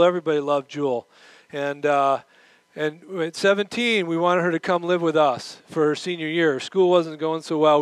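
Middle-aged man, sermon delivery, animated storyteller, higher-pitched, dry booth-like sound. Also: smooth, no room sound, rough recording. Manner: animated, acts out quoted voices; moves around while preaching. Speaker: pastor.

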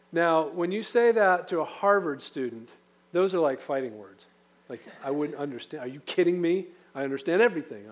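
A man preaching a sermon in a conversational way, with fillers and acted-out quotes. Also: on the high side. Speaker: pastor.

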